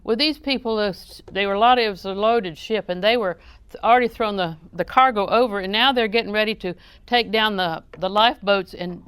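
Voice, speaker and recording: A woman's voice: medium pitch, a little fast, hardly any pauses, fairly bright tone, clear, resonant tone, dry recording. A woman preaching a sermon in a conversational, joking way, often questioning her audience.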